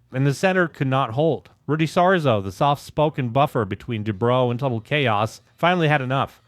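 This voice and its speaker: Male narrator, mid pitch, slangy and punchy documentary read, dry close mic. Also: no room sound. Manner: punchy, dramatic, slangy and profane. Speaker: narrator of a music history channel.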